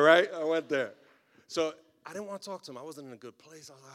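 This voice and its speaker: A man preaching a sermon as a pastor, telling stories in an animated way with humorous asides. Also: a little high, fast talker.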